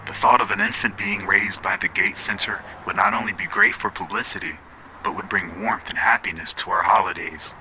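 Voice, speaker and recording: A man's voice: low voice, very animated, fairly quick, vocal fry, sharp tone, a little hiss or hum, exaggerated voice, poor audio. Man voicing a sarcastic woman assistant. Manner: dry, sarcastic.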